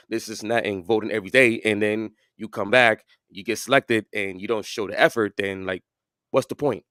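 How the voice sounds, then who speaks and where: A podcast co-host talks sports casually, rambling with plenty of fillers and restarts. His voice is lowish and steady at a moderate pace, a bit bright, clear and resonant. The studio recording is clean with no echo.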